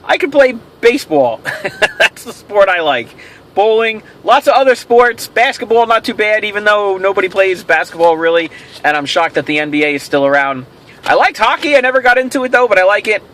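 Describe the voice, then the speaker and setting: A man's voice: sits high, expressive, fairly quick, sharp tone. A man hosting a casual question-and-answer vlog, rambling and telling jokes with self-amused delight. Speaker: host of a toy show.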